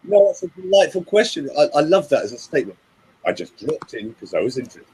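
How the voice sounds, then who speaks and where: Animated older man, husky voice. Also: fairly high pitch, fast, rough recording. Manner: chatty, animated storyteller. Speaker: voice coach. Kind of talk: casual webinar chat.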